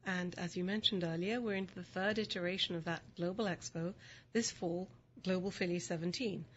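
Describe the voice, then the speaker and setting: A woman's voice: on the low side, dull audio, a little hiss or hum. A woman with a mid-Atlantic accent that mixes British and Philadelphia sounds, answering interview questions as a composed, articulate guest. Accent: mid-Atlantic, mixed British and Philadelphia. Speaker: executive director, guest.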